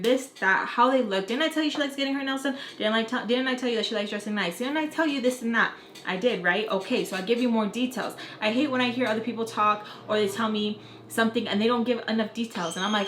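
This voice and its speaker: Young woman vlogger, highish voice, rambling and profane, in an echoey room with faint noise. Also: brisk. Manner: animated, profane, rambling storytelling. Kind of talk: casual storytime.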